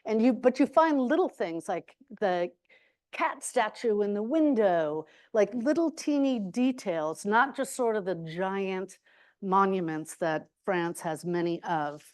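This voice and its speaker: A woman speaking at a university forum, reflective and expressive, with a pitch sitting right in the middle of her range. She tells her stories with lively emphasis and now and then bursts into exclamations. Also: a little slow. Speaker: guest speaker.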